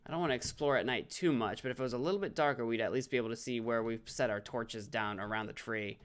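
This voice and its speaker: A man's voice: medium pitch, quick pace. A man casually commenting on his own gameplay during a live stream, chatting with viewers and poking fun at himself. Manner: chatty, self-deprecating, reads chat aloud.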